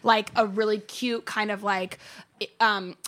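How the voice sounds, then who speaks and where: A woman in her thirties talks through makeup tricks in a relaxed, chatty way, walking the listener through each step. Her pitch sits in the middle range for a woman. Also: a little slow. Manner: chatty, explains tips step by step. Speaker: guest makeup artist. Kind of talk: casual podcast chat.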